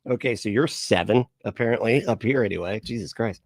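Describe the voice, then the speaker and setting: This livestream host has a lowish voice and speaks a little fast. Reacting to a clip, he rambles sarcastically, laughing often, cursing casually, and stumbling through fillers and restarts.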